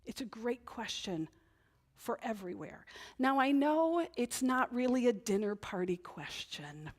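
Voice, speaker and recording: A woman's voice: a little high, animated, measured pace. A woman pastor giving a conversational sermon, often tagging her points with "right?". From Northern New England. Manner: conversational, chatty, frequent "right?" tag questions. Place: church.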